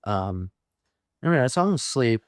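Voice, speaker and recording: A young man in his twenties tells wild, profane stories in a loose, animated way, laughing as he goes. His voice sits at an ordinary middle pitch. The sound is close and dry, with no room around it. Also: moderate pace, no room sound. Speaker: podcast guest, Marine veteran. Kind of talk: casual storytelling.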